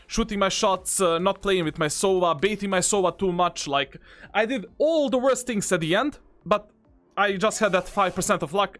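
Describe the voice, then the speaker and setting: A man commentating on his own gameplay as a coach. He is excitable and boastful and keeps calling the viewer bro. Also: sits high. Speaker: game coach reviewing his own match.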